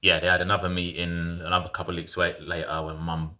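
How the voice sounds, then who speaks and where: A man's voice: low-pitched, level tone, fast talker, bright, forceful tone. A man in his thirties casually telling a personal story in frank, slangy talk full of restarts.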